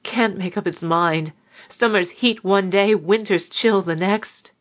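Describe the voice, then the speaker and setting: A woman's voice: mid-range voice, slow pace. A woman reading aloud, voicing a guilt-ridden young widow who sobs and blames herself, on a dull lo-fi recording. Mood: irritated. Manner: sobbing, self-reproaching.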